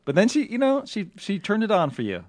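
A man's voice: high voice, wildly swooping pitch, a little fast, darkish tone, dry recording. A man hosting a podcast, chatting and teasing in a casual way. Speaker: podcast host. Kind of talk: casual chat.

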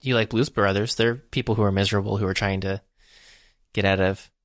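A man casually talking about a film with a friend, recapping the plot slowly with lots of fillers. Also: on the low side, fairly even intonation, no room sound, studio quality. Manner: recaps plot in a halting, unhurried way with many fillers. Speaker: podcast co-host.

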